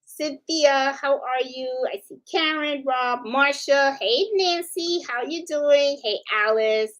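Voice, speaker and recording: A woman's voice: high voice, slow, fairly bright tone, low-quality recording. A middle-aged woman from New York City hosting a casual live chat, talking in a loose, chatty way full of fillers and restarts and greeting viewers one by one. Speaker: livestream host.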